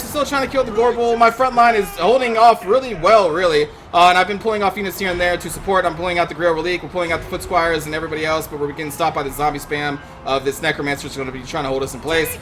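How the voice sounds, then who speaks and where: A man's voice: on the high side, fast talker, few pauses, fairly bright tone, a little hiss or hum. A man giving gameplay commentary as a channel host, ranting in exasperation and swearing often.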